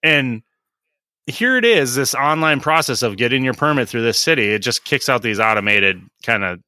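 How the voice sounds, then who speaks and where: A man's voice: medium pitch, lively intonation, normal speed, pushed and bright, no room sound. A middle-aged man on a podcast, a licensed tradesman who rants bluntly, swears freely and acts out the exchanges he describes. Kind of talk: casual podcast chat.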